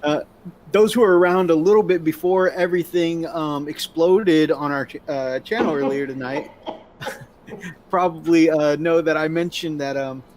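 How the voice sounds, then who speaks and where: A male host with a slightly high voice runs a casual live-stream chat, chatty and cheerful as he reads out viewer comments. A faint background hiss sits under his voice. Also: moderate pace, darkish tone.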